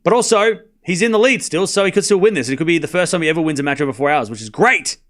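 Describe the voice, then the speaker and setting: A man with a high voice calls a tennis match live for his stream. He is up late at night, trades quick banter with his viewers and rattles off each score as it comes. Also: animated, a bit bright. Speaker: livestream tennis commentator. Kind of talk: casual play-by-play commentary and chat replies.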